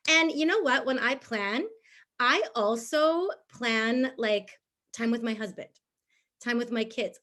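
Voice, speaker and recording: A bubbly woman coaching her sales team, her voice a little higher than most. She talks in a chatty, upbeat way, full of fillers, and laughs easily. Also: a bit bright. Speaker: team leader. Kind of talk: motivational group talk.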